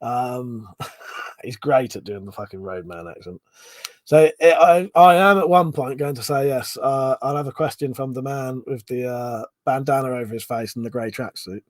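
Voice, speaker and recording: A man's voice: medium pitch, normal speed, dry recording. A man hosting a casual livestream, chatting and reading out viewer comments, swearing now and then. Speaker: livestream host.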